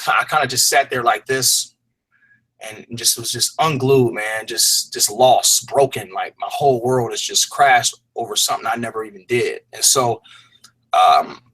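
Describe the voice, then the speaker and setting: A man's voice: mid-range voice, bright, forceful tone, rough recording. A man telling a personal story as an interview guest, earnest and rambling, with casual slang and frequent restarts. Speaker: fitness program creator, interview guest.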